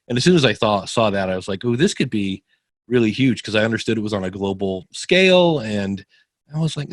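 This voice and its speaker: A man from Ohio being interviewed as a guest, telling stories with animated, acted-out quotes and frequent restarts. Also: lowish voice, dry recording, clean studio sound. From Ohio, USA. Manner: animated, acts out quoted dialogue, many restarts. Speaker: podcast consultant guest. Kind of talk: casual interview storytelling.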